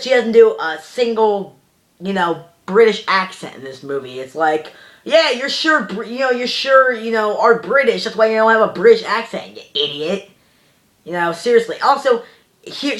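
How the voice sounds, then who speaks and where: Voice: medium pitch, a bit bright. Young vlogger ranting a movie review, rambly, you-know every other line, fed up. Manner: rambling, heavy with "you know" fillers, exasperated.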